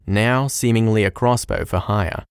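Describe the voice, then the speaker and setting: A man's voice: lowish voice, unhurried, vocal fry, clean tone, dry recording, clean studio sound. A man voicing a hearty, worldly male distiller who tells old legends and gives warnings to a friend. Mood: grave.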